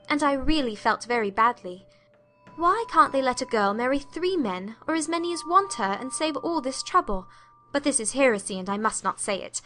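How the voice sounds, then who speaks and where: A woman narrates a period story as a heartfelt letter. Her reading is emotive and confiding. Her voice is high and bright. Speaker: audiobook narrator.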